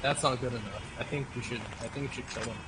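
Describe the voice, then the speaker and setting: A man's voice: mid-range voice, fairly even intonation, quick pace, fairly bright tone. A man chatting casually while streaming a game, swearing a lot and joking with friends. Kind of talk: casual gaming chat. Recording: noisy stream audio.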